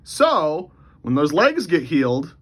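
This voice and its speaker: A man rattles off his own superhero movie pitch as a comedic, rapid-fire story, swearing freely and getting excited. His voice sits high and sounds bright and forceful. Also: breathy edge. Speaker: movie pitch channel host.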